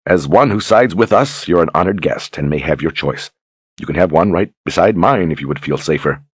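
An earnest young lord and war wizard who speaks plainly and courteously, voiced by a man reading an audiobook. The voice is very deep and a little husky. It sounds close and dry. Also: animated, brisk, no echo.

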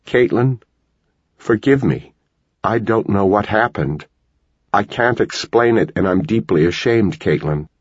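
A man's voice: on the low side, lively intonation, unhurried, slightly rough, no echo, pitched above the performer's own voice. A man reading a frightened young woman who pleads for forgiveness, in a dull lo-fi recording. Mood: pleading. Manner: shaken, pleading.

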